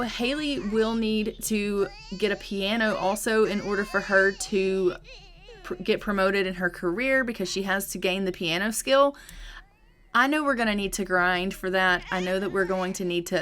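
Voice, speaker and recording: A woman's voice: mid-range voice, moderate pace, fairly bright tone. A woman giving casual, chatty commentary over a life-simulation game, upbeat with frequent "um" fillers. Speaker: gaming channel host. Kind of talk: casual let's-play commentary.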